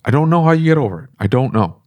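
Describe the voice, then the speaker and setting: A man's voice: medium pitch, rapid-fire. Man, middle-aged, shop owner, casual podcast chat, rambling, swoops up and down. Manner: rambling, animated storytelling with laughs.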